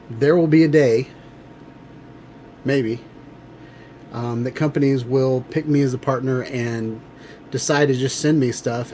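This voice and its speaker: Male livestream host, casual and rambling, mid-pitched, faint background hiss. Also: a little mellow. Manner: chatty, rambling with many fillers. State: out of breath.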